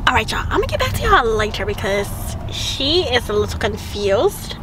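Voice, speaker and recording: A woman's voice: on the high side, very animated, moderate pace, background noise. A young woman vlogging casually, chatting to her viewers and baby-talking to her new puppy in a car. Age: young adult. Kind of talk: casual vlog chat.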